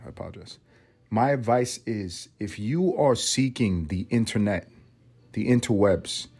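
This is a young man talking alone on his podcast in a loose, off-the-cuff ramble. He swears freely and mocks himself as he goes. His pitch sits in a middle range for a man. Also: darkish tone, slightly rough. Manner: profane, rambling, self-mocking. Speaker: podcast host. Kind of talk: casual solo podcast monologue.

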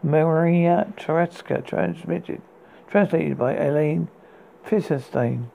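A man's voice: fairly high pitch, takes it slowly, gravelly. A man hosting a podcast, reading poems aloud and often stumbling and restarting words. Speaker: podcast host. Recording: tinny phone-like sound with faint hiss.

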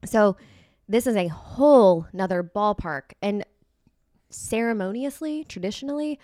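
A woman's voice: medium pitch, unhurried, no room sound, clean studio sound. A young woman co-hosting a podcast, chatting casually and acting out little quotes as she talks. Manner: chatty, animated, full of acted-out quotes. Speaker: podcast co-host. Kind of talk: casual chat about wedding planning.

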